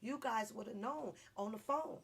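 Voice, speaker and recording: A woman hosting a casual livestream commentary, ranting heatedly and with heavy profanity to her viewers. She swings between loud outbursts and low, muttered asides. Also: moderate pace, husky.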